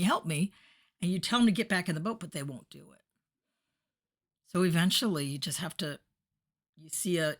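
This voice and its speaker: A woman hosting a podcast, giving a motivational monologue and acting out the voices in her story. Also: low voice. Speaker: podcast host. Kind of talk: motivational monologue on addiction recovery.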